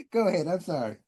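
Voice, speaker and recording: A co-host with a mellow, dark-toned voice of middling pitch. They drop in quick comments and laugh often during a relaxed chat about wrestling. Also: breathy edge. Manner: short laughing interjections. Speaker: podcast co-host. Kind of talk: casual chat.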